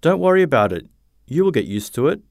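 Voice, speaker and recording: A man's voice: mid-range voice, big pitch swings, fast, creaky, darkish tone, no echo, studio quality, pitched above the performer's own voice. A man voicing a loyal, coaxing teenage boy friend in a read-aloud storybook. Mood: soothing. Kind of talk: graded-reader story narration.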